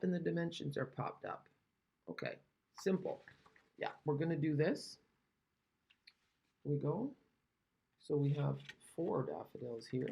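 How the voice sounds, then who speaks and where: A Canadian woman with a low, darkish voice, vocal fry and a breathy edge demonstrates card-making. She rambles casually and pokes fun at herself while recovering from an illness.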